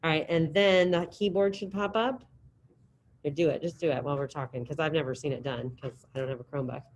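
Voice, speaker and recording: A middle-aged woman with a lower-than-usual voice runs a lively classroom lesson, calling out drills and cheering students on. A soft hiss of noise sits behind her. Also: fast, low-quality recording. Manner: upbeat, encouraging, chatty. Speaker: high school Spanish teacher. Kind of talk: classroom teaching with call-and-response drills. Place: classroom with students present and online.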